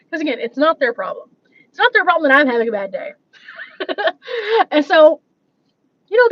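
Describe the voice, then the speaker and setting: A woman's voice: high-pitched, no echo, lo-fi sound. A woman vlogger talking casually on a live stream, rambling and laughing often as she reads out viewer comments. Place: coffee shop.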